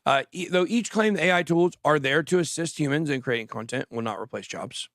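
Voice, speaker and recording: A man hosting a casual crypto livestream, talking quickly and jokily, often trailing off mid-thought. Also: a little high, lively intonation, fairly bright tone, no room sound, clean studio sound. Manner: rambling, quick, jokey, trails off. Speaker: crypto show host.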